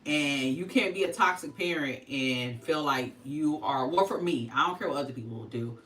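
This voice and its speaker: A woman's voice: deep voice, moderate pace, fairly bright tone, recorded from a distance, rough recording. A middle-aged woman hosting a casual skincare livestream, chatty and laughing often.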